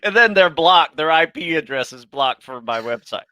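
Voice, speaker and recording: A man co-hosts a podcast with a slightly high, bright and forceful voice. He tells his story briskly and matter-of-factly. The sound is dry and close, with no room echo. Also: expressive. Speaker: podcast co-host. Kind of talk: casual podcast chat.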